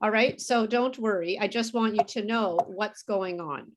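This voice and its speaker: A woman teaching English pronunciation in an online class, saying words clearly and patiently for students to repeat. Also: mid-range voice, moderate pace, background noise.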